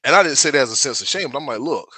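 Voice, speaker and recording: A man's voice: medium pitch, lively intonation, rapid-fire, sharp tone. A man with a South Carolina accent, co-hosting a podcast and telling stories in a laid-back, joking way. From South Carolina, USA. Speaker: podcast co-host. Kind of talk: casual chat.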